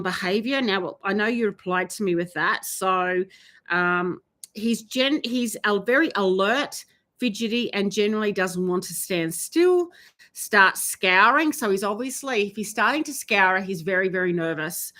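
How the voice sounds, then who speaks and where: A woman horse trainer giving advice in a live Q&A, talking with many ums and pauses. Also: mid-range voice, bright, forceful tone. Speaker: horse trainer answering viewer questions. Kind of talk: live Q&A chat.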